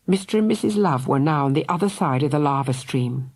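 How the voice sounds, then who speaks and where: A woman narrating a children's audiobook in a dramatic, expressive way. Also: sits low, a little fast, husky. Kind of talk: scripted narration.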